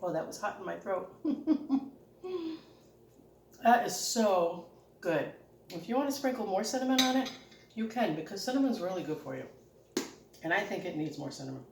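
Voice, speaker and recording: A woman's voice: mid-range voice, animated, moderate pace, vocal fry, pauses often, a little hiss or hum. Chatty woman cooking in an echoey kitchen. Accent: regional American. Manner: chatty, homey, laughs often while talking. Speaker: home cooking channel host. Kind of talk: casual cooking demonstration. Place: home kitchen. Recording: echoey kitchen, mic at a distance. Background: clatter of dishes and cutlery.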